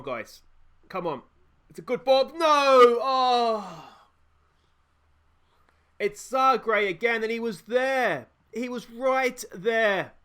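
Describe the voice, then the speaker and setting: A man with an Australian accent giving excitable let's play commentary, fretting over tactics aloud and shouting when goals go in. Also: high voice. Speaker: gaming YouTuber.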